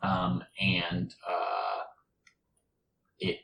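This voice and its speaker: A man's voice: deep voice, big pitch swings, extremely slow, vocal fry, fairly bright tone, slight background noise. A man in casual chat about a movie, rambling with many fillers and restarts, and swearing now and then. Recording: roomy echo.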